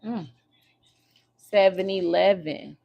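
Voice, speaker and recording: A woman's voice: mid-range voice, slow pace, gravelly, dull audio. A woman hosting a casual livestream, chatting and teasing her viewers while she works on her hair. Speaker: livestream host.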